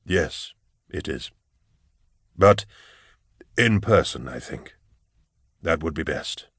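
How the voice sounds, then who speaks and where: A man playing a weary old male inquisitor in an audiobook, speaking low, hushed and measured. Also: lively intonation, breathy edge, no room sound, clean studio sound, exaggerated voice. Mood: grave.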